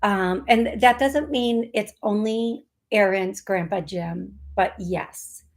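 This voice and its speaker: Slow, unhurried woman host giving live psychic readings, playful and rambling, spells names aloud. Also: medium pitch, vocal fry.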